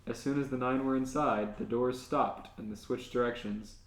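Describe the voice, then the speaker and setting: A man reading fanfiction aloud on a comedy podcast at an everyday pitch. The sound is roomy, with a clear echo. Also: steady tone, normal speed. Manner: reads aloud, often laughing. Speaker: podcast co-host.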